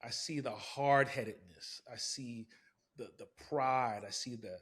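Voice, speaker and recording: A man's voice: medium pitch, a little slow, fairly bright tone. A man hosting a casual movie review chat, talking reflectively and building to emphatic bursts. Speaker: podcast host.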